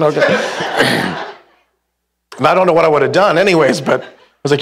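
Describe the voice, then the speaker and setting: A young male pastor preaching to a church congregation, telling a story in a lively, comic way. His voice sits a little higher than most men's, and he acts out the dialogue with bursts of laughter. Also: moderate pace, pauses often, background noise. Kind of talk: storytelling sermon. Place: church hall with live congregation.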